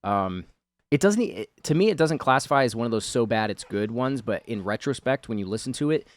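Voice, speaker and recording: A man's voice: mid-range voice, expressive, brisk, dry recording. A man giving rambling, chatty voice-over commentary on a video of his drawing, full of fillers.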